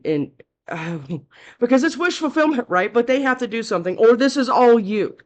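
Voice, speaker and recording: A woman's voice: medium pitch, darkish tone, dull audio. A woman giving a casual tarot reading, talking bluntly and chattily, scolding and cursing freely. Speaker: tarot reader.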